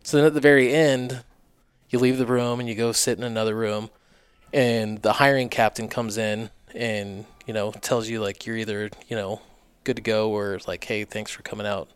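A man in his thirties, a barber and business owner, telling stories in casual conversation, animated and profane, acting out what others said. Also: on the low side, moderate pace, clear, resonant tone, no room sound.

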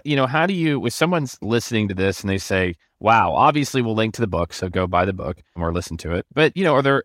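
A man's voice: on the low side, fairly bright tone, dry recording, clean studio sound. A man hosting an interview show, asking long rambling questions full of fillers and restarts. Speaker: podcast host.

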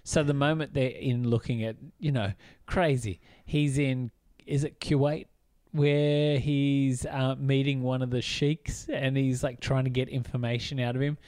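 A man chatting eagerly about films on a podcast, his voice sitting at an ordinary middle pitch. The recording is close and dry, with no room sound around him, and he leans on plenty of ums and likes as he talks. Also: steady tone, measured pace, darkish tone, no room sound. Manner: chatty and enthusiastic, many fillers. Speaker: podcast co-host. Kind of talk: casual film discussion.

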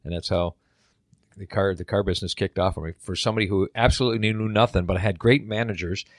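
A middle-aged man telling a story in a casual chat, animated and acting out the voices of the people in it. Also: low-pitched, fast, no echo, clean studio sound. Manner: animated, acts out quoted voices. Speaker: guest.

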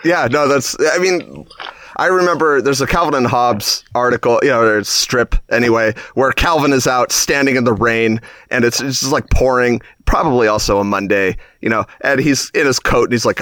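A man's voice: medium pitch, moderate pace, a bit bright, no room sound. A man in his thirties co-hosting a casual podcast, teasing his partner and telling playful stories. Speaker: podcast co-host. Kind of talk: casual chat.

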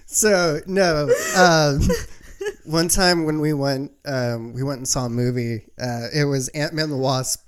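A man's voice: a little high, slow pace, clean tone. A young man co-hosting a podcast, telling rambling stories with frequent laughs and casual swearing. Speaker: podcast co-host. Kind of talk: casual chat.

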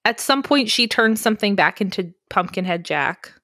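A woman recaps a film in casual podcast chat and tells it with real gusto. She curses freely and keeps slipping into goofy character voices. Her voice sits at a middle pitch and is recorded close and dry. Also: normal speed, no echo. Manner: animated storyteller, acts out characters in funny voices, swears casually.

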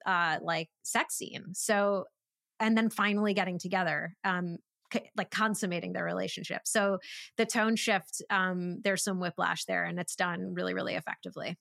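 A woman's voice: fairly low pitch, steady tone, moderate pace, vocal fry, fairly bright tone, no echo, studio quality. A woman co-hosting a podcast, chatting casually about a movie with lots of fillers and restarts. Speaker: podcast co-host. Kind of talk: casual film discussion.

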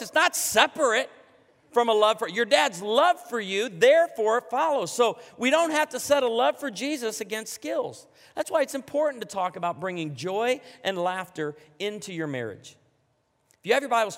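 Animated male pastor preaching in a hall. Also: sits high. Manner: animated, emphatic, joking with the congregation. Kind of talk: sermon.

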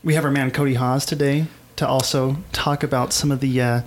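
A man's voice: mid-range voice, little pitch movement, fairly quick, slight background noise. A man co-hosting a podcast, chatting in a loose, joking, conversational way. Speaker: podcast co-host. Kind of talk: casual podcast chat.

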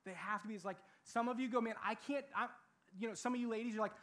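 A young man preaching a sermon in a lively, animated way, acting out what people say. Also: high-pitched, fast talker. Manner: animated, acts out quoted voices. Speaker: youth pastor.

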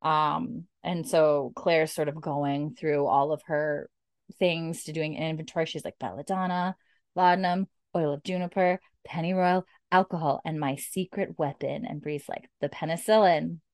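A woman's voice: low voice, fairly even intonation, normal speed, no echo, studio quality. A woman hosting a podcast, recapping a TV episode in a chatty way full of "like" and "um". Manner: chatty, many fillers like "like" and "um". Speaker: podcast host.

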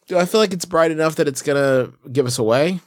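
A man's voice: on the high side, quick pace, no room sound, clean studio sound. A man playing a tabletop game, casual and joking. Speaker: player.

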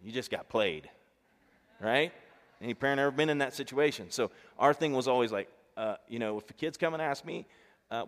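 A middle-aged male pastor preaching a sermon in a relaxed, conversational way, telling family stories and acting out the dialogue. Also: medium pitch, a little fast. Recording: long reverb of a large hall.

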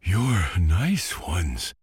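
Breathless, reproachful talking cabbages from a storybook, pitched higher and a touch louder, as a male narrator puts them on. The sound is husky and close. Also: expressive, very slow, no echo, heavily acted. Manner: reproachful, panting.

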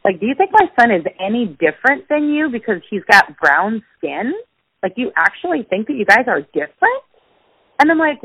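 A woman's voice: brisk, breathy edge, dry recording. A woman telling a personal story in conversation as a guest, vividly acting out the voices of others. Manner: animated, acts out quoted dialogue with big pitch jumps. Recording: dull lo-fi dry sound.

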